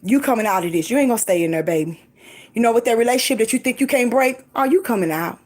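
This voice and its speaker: A middle-aged woman vlogging, giving lively, emphatic encouragement in a casual preachy way, laughing often. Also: fairly high pitch, fast. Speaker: faith vlogger.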